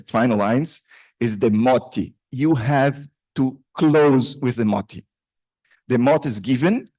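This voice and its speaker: Man presenting research, halting, dry close sound, mid pitch. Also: dark tone, dry recording. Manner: hesitant, many restarts and fillers. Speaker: conference presenter. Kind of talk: academic paper presentation. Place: conference room.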